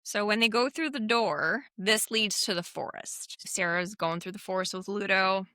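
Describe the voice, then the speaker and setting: A middle-aged woman co-hosting a podcast, retelling a film scene by scene with animated quoted lines. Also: medium pitch, moderate pace, no echo. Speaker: podcast co-host. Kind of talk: casual chat.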